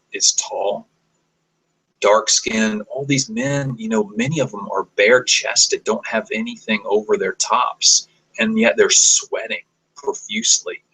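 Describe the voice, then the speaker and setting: A man improvising a story aloud, describing scenes as he goes, often pausing and restarting mid-sentence. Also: on the low side, lively intonation, bright, forceful tone, husky, poor audio. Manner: halting, searching for words, many restarts.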